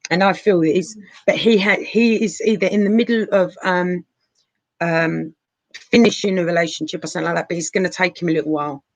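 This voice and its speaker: A tarot reader talks briskly in a lowish, steady voice, doing a live reading from the sofa in her living room and calling viewers darling and honey. There's no room sound, and the recording quality is low.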